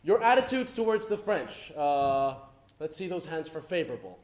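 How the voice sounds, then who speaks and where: A man acting a brisk, officious wartime official addressing a crowd in a live stage play, with hesitant fillers. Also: fairly high pitch, sing-song, a little mellow. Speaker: stage actor. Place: theatre stage. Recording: echoey theatre stage.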